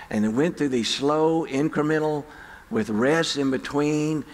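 A man's voice: fairly high pitch, measured pace, long reverb tail. A middle-aged male pastor preaching a sermon in a folksy, conversational storytelling way. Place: church sanctuary.

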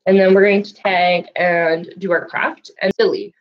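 A woman's voice: on the low side, moderate pace, lo-fi sound. A woman library storyteller reading picture books aloud to young children, asking them questions as she goes, with an occasional cough. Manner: animated, asks young listeners questions. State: coughing now and then.

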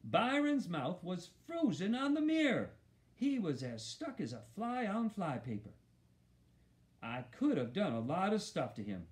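Guy reading a kids book aloud, bouncy up and down voice, fairly high. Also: measured pace. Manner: expressive first-person storytelling. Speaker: audiobook narrator. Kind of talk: storybook narration.

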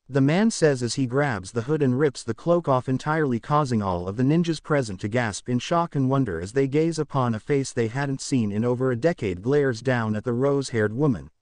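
A man's voice: mid-range voice, normal speed, few pauses, no echo. A man reading fan fiction aloud as narrator, stumbling over words now and then.

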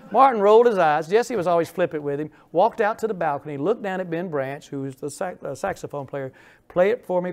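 A man's voice: fairly high pitch, a little mellow. Folksy older man telling local history. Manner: folksy storyteller, asides and rhetorical questions. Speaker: local historian giving a public lecture. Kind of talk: informal history lecture with slides. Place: lecture hall.

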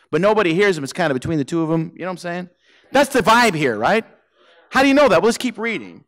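A man's voice: high-pitched, sing-song, quick pace, a bit bright. A man preaching a sermon to his church, telling the story playfully, acting out the characters' lines and laughing often. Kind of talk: animated sermon with acted-out scenes. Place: church sanctuary.

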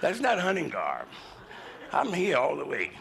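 A middle-aged man doing a raunchy stand-up routine on a comedy club stage with a handheld mic, drawling and swinging into loud shouted voices. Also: on the high side, huge pitch swings, a little slow, creaky. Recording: loud hiss on an old live club recording.

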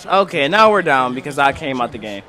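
A young man commentating live on his own basketball video game, excitable and trash-talking at the screen. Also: medium pitch, a little fast. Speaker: gaming commentator. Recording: game music and crowd noise faintly behind. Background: faint game music and arena crowd.

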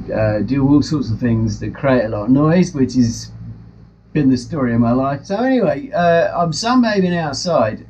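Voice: medium pitch, warm tone. A pet vlogger chatting to the camera and a parrot at home, rambling and giggling often. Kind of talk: casual chat to camera and parrot. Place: home room in front of a ring light. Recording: slightly dull with faint noise.

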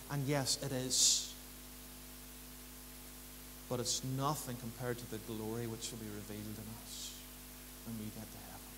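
A man preaching a sermon in church, building to emphatic rhythmic repetitions and then dropping low and quiet. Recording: church hall reverb, faint hum.

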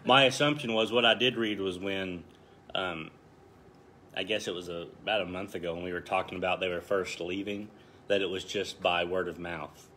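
A man in his thirties teaching a Bible passage in a relaxed, conversational way, joking at his own expense. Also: sits low, normal speed, a little hiss or hum. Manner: conversational, self-deprecating, chuckles often. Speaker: Bible study leader. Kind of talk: casual Bible study teaching.

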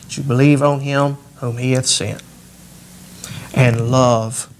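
A man's voice: fairly even intonation, takes it slowly, a little hiss or hum. A male pastor preaching a sermon, lifting his voice when he reads scripture aloud. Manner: rises in pitch and volume when reading scripture aloud.

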